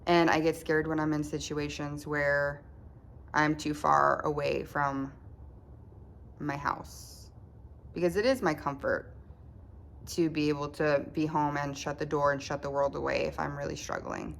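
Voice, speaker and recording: A woman with a low, deep voice talks at home in a casual diary-style vlog. She speaks haltingly, restarting phrases and trailing off. Faint background noise hums under the recording. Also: little pitch movement, gravelly. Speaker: vlogger keeping a recovery diary.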